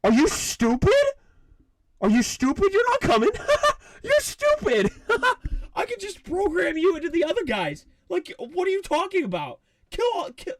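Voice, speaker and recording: A man's voice: sits low, wildly swooping pitch, takes it slowly, gravelly, fairly bright tone, pitched below the performer's own voice, heavily acted. A man voicing a furious, cruel male villain scientist who shrieks, mocks and laughs wildly. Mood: mocking rage. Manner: shrieking, mocking, with wild laughter. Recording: distant from the mic, faint noise.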